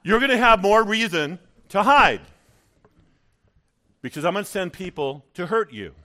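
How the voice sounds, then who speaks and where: A preacher putting on a sly tempting devil. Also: male voice, sits high, big pitch swings, normal speed, sharp tone, pitched above the performer's own voice, full character voice. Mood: taunting. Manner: taunting, repetitive.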